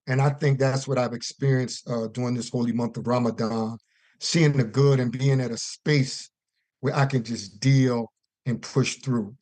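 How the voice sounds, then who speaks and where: Calling in to a religious conference call, a man from the US East Coast gives an earnest testimony like a preacher, stretching out key words. His medium-pitched voice is a little mellow and fairly even in intonation at a moderate pace, in a dry recording.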